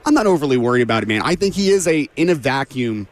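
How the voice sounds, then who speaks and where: A man, a draft analyst guest on a sports radio show, talking quickly and a little hoarse from losing his voice, often correcting himself mid-sentence. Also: medium pitch, expressive. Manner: fast, thinking aloud, frequent self-corrections.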